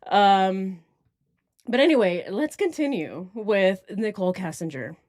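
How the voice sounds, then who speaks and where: A woman's voice: medium pitch, lively intonation, unhurried, darkish tone, dry recording, studio quality. A woman hosting a casual true crime livestream, rambling off on tangents and now and then putting on mocking voices.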